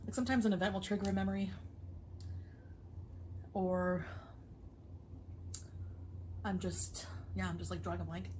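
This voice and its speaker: A woman at a middle pitch chats casually to her viewers between bites. She rambles and pads her talk with fillers. The clip carries a faint bed of ambient noise. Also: steady tone, normal speed, pauses often, a little mellow. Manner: rambling, filler-heavy chatter. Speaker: mukbang vlogger. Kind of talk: casual eating vlog chat. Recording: clip played from a video.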